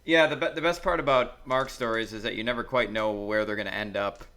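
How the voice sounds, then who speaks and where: A man with a lowish, bright, forceful voice chats on a podcast. He is easygoing and laughs along with his co-host's story. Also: fairly even intonation, fairly quick. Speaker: podcast co-host. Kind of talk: casual chat.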